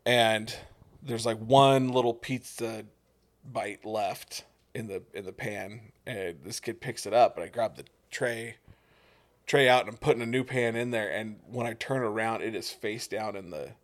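A man's voice: on the low side, unhurried. Profane, storytelling man telling stories. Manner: profane, animated storytelling with acted quotes. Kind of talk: casual storytelling chat.

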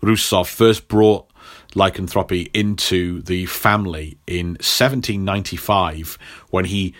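A man's voice: deep voice, fairly even intonation, measured pace, fairly bright tone. A man recapping a story in a rambling, playful way for a podcast. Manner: rambling, playful, many ums. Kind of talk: comic plot recap.

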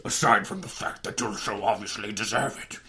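A man's voice: lowish voice, brisk, bright, forceful tone, voice pushed down. A young man voicing a rich old cartoon duck uncle, pompous and giggly. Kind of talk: comic reading of a storybook.

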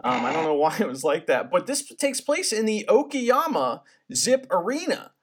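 Podcast dude rambling and joking, voice sits kinda high and bounces all over. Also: male voice, moderate pace, husky. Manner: animated, rambling, jokey. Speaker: podcast co-host. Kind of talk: casual podcast chat.

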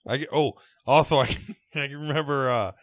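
A man's voice: medium pitch, a little fast, no room sound, studio quality. A man co-hosting a podcast, talking in an easygoing, rambling way. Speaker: podcast co-host. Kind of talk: casual podcast banter.

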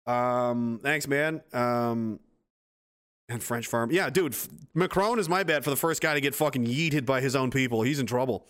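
A man's voice: mid-range voice, moderate pace, fairly bright tone. A man from East Coast Canada hosting a livestream, reading out chat comments in a blunt, profane, rambling way.

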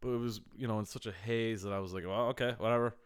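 Smooth-voiced man telling stories. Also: on the low side, fast. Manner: animated storyteller, swears freely, many restarts. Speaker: podcast co-host. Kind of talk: casual chat.

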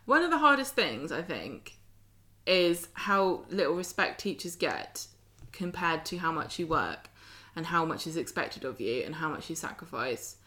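A woman with a southern English accent recaps a soap episode in casual, animated chat, full of sarcastic asides. Her voice sits a little low but has a bright, forceful edge. She talks as a co-host in an easy back-and-forth. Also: measured pace. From southern England. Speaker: podcast co-host.

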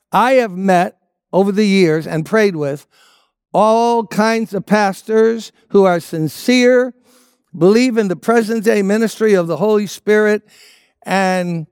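High-voiced preacher man, clear and dry. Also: a little mellow, no echo. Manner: emphatic preaching with repeated phrases. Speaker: pastor. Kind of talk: sermon.

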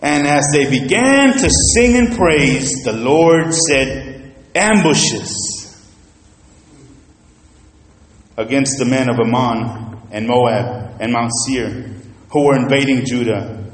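A man preaching a sermon in a church, telling stories in an animated way and swinging between loud and hushed. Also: medium pitch, slow pace, pauses often. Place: church sanctuary. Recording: echoey church hall.

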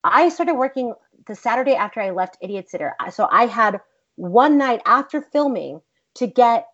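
A woman and actress, the guest in an interview, telling a story in a blunt, profane, animated way. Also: fairly high pitch, normal speed. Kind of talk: casual storytelling. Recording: dull lo-fi recording.

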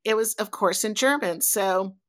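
A woman hosting a podcast who tells a travel anecdote casually, with lots of fillers and lively storytelling. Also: medium pitch, normal speed. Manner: animated, chatty, filler-heavy.

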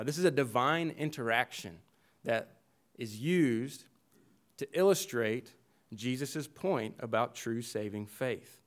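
A pastor preaching an earnest expository sermon, building his points through emphatic repetition, with frequent restarts. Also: mid-range voice.

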